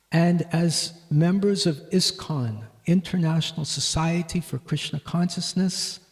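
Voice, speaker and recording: A man giving a devotional class at a temple, teaching in a measured way and telling stories. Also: on the high side. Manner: measured teaching, voice rising loudly for quoted shouts. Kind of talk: devotional lecture with storytelling. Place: temple hall.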